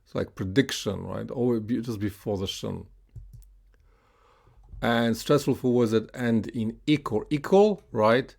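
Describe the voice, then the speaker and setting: Slow gravelly-voiced male pronunciation teacher. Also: medium pitch, a little mellow. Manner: slow, patient, with frequent "uh" and "right?" checks; models words slowly for learners to repeat. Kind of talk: classroom pronunciation lesson.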